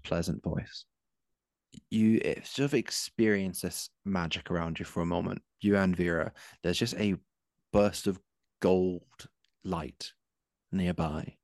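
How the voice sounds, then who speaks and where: A man's voice: low voice, no echo, clean studio sound. A man narrating as game master of a tabletop game, describing scenes with frequent ums.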